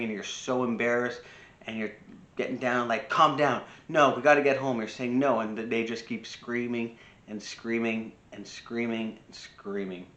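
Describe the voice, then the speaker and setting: A man's voice: medium pitch, fairly bright tone, roomy sound. A man giving casual spoken advice on parenting, talking freely with restarts and acting out short quoted lines. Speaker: personal growth speaker.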